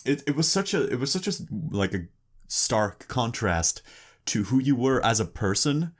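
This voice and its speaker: A man's voice: medium pitch, very animated, normal speed. A young man co-hosting a podcast in casual chat, rambling and joking with lots of restarts. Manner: rambling, restarts, jokey and laughing. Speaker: podcast co-host.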